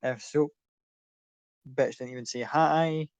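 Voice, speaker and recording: A man playing a brusque older sister in a tabletop game, foul-mouthed, blunt, exasperated, medium-pitched, dry close sound. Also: steady tone, takes it slowly, a little mellow, no room sound. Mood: irritated.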